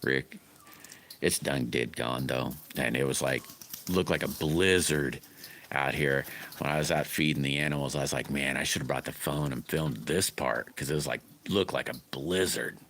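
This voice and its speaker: A middle-aged man hosts a casual livestream. His voice sits very low. He rambles in a folksy way and greets his viewers by name. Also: moderate pace, fairly bright tone, slight background noise. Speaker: livestream host chatting with viewers.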